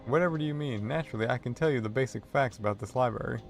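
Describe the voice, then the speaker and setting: A man's voice: medium pitch, very fast, vocal fry, faint music behind, lightly acted. A man voicing a fussy, prim older female librarian who sweetly evades questions and calls people dearie, in a narrated text game. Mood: coy.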